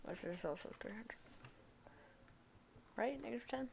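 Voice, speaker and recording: A woman's voice: fairly high pitch, unhurried, gravelly, a little mellow, a little hiss or hum. A woman game developer on a live stream, chatting casually as she codes, muttering questions at her code and teasing herself. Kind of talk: casual live-stream chat while coding.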